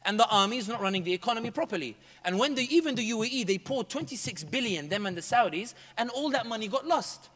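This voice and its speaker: A man telling a story to a room in a fast, emphatic way, slipping Arabic phrases into his speech. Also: sits high, expressive, fairly bright tone, in a large hall. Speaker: public speaker. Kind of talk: animated storytelling talk.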